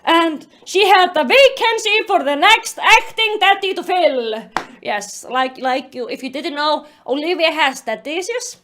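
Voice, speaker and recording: Brief: young woman, high voice, casual recap vlogger, animated and exasperated. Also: measured pace, slight background noise. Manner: animated, exasperated, filler-heavy retelling. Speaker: YouTube commentator. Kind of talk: casual book-recap commentary.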